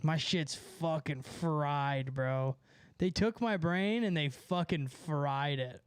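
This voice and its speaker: A young man with a notably high voice chatting on a livestream, rambling and swearing with excitable energy. The sound is close and dry, with no room around it. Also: takes it slowly, smooth, no room sound. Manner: rambling, profane, excitable, lots of filler. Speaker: musician streaming to chat. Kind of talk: casual livestream chat.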